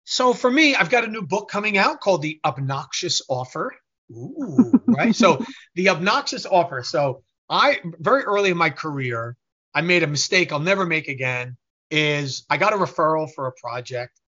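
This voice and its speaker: A man's voice: on the high side, normal speed, lo-fi sound. A man who is a business owner, talking as a guest in an interview and telling a story while acting out the voices of the people in it. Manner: animated, acts out quoted voices.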